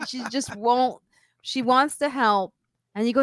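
A woman's voice: fairly high pitch, a little slow, no echo. A middle-aged woman hosting a casual live stream, telling stories and playing out other people's lines herself. She talks over a video call, and her sound is close and dry, with no room around it. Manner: animated storyteller, acts out other people's lines. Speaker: podcast host.

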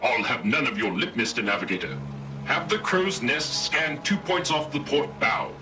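An actor playing a pompous, old-fashioned robot ship captain who barks formal naval orders, in a video game. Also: male voice, normal speed, bright, forceful tone, soft background music, natural voice. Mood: commanding. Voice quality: booming formal naval diction.

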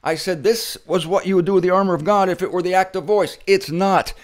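A man's voice: sits high, steady tone, a little fast. A man teaching the Bible in a playful, theatrical way, repeating his key points with emphasis and telling stories with mock drama. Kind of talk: humorous Bible teaching monologue.

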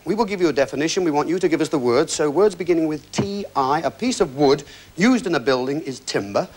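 A man's voice: fairly high pitch, expressive, quick pace, darkish tone. A man hosting a television quiz show, reading questions and joking with contestants in a breezy, easygoing patter. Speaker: game show host. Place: television studio with audience.

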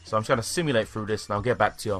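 A young British man commentating live on his own football video game, excitable and swearing at the play. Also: on the low side, racing, faint music behind. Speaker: gaming YouTuber.

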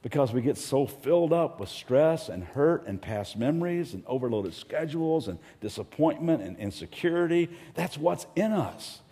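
A pastor delivers a lively sermon in a somewhat higher male voice. He mimics angry voices now and then to land a point. His words ring out with a long reverb through a large church auditorium. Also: normal speed, few pauses.

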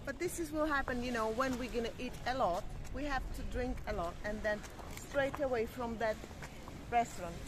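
A woman's voice: on the high side, moderate pace. Chatty woman over harbour street noise. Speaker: vlog co-host. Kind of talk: casual chat. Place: outdoor seaside promenade.

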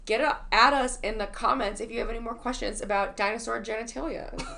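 A woman's voice: on the high side, steady tone, fairly quick, gravelly, pushed and bright, slight background noise. A woman co-hosting a podcast, chatting casually in a playful, teasing way. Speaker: guest co-host. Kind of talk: casual chat.

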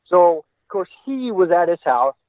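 A man's voice: high-pitched, big pitch swings, measured pace, dry recording. A man recounting a frightening encounter in casual storytelling, earnest and run-on, chaining events together. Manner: earnest, tumbling run-on retelling. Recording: tinny dry phone line.

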